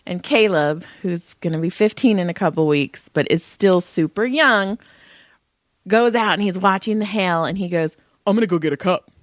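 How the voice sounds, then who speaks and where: A woman's voice: fairly low pitch, moderate pace, dry recording. A middle-aged woman co-hosting a podcast, telling family stories in casual chat, acting out voices and swearing freely. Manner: animated storytelling, acts out voices, swears. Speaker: podcast co-host.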